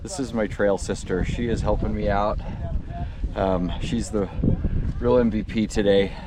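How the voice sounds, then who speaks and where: A man's voice: fairly low pitch, fairly even intonation, unhurried. A man filming himself during an ultramarathon, chatting casually and upbeat about the race and his mishaps. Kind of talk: casual on-the-trail vlog. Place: outdoors on a desert island trail. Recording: outdoor background noise.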